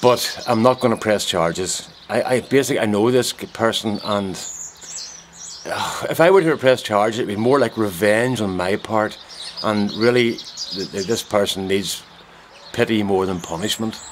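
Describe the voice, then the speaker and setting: Deadpan man telling a tale in his garden. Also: fairly low pitch, measured pace, slight background noise. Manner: deadpan, mock-serious. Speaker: vlogger. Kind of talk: casual comic storytelling to camera. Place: garden outdoors. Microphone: handheld camera.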